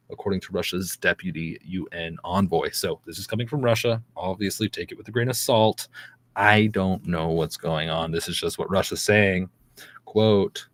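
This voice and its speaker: A man with a fairly low voice hosts a daily news show. He reads articles aloud and breaks into chatty, skeptical asides, sometimes tripping over unfamiliar names. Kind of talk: casual news commentary, reading articles aloud.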